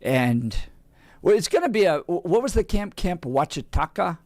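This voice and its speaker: A man's voice: high voice, big pitch swings, normal speed, a little mellow, no room sound. A man hosting a talk radio show, recapping the day's segments and bantering casually with his co-host into a studio microphone.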